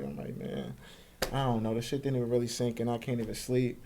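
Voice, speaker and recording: A man's voice: mid-range voice, brisk, gravelly, background noise. A young man telling his life story as a guest in a casual interview, acting out quoted voices and swearing freely. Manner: animated, acts out quoted voices, profane street slang.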